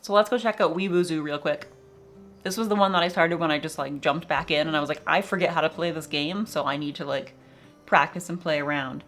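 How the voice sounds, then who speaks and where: Chatty young woman with a low voice. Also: a little fast, fairly bright tone, soft background music. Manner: chatty, swears casually, laughs often. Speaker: vlogger showing a zoo game. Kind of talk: casual gameplay chat.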